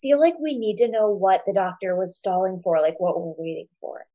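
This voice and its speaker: A woman's voice: medium pitch, lively intonation, a little fast, mellow. A woman playing a tabletop game, speaking casually and playfully. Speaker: player.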